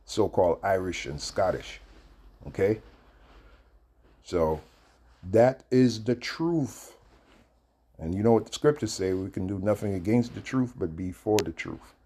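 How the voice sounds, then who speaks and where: A man in his fifties hosting a video, chatting and reading aloud in a halting way with many fillers and restarts. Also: deep voice, a little mellow, breathy edge. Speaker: video host. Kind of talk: casual commentary and reading aloud.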